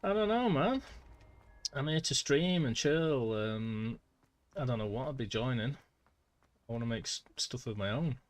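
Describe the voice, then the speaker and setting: A man's voice: mid-range voice, animated, a little slow, long pauses. A man with a British accent chatting casually on a gaming livestream, dry, rambling and self-deprecating. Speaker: gaming streamer.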